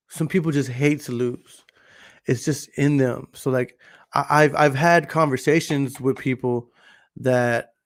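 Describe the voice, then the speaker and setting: Loud, passionate man. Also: medium pitch. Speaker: podcast host. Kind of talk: casual monologue to camera. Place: in front of a green screen. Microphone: camera recording.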